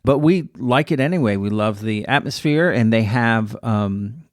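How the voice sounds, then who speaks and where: A man co-hosting a podcast, telling jokey, animated stories in a casual chat. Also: mid-range voice, moderate pace, no echo, clean studio sound. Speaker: podcast co-host.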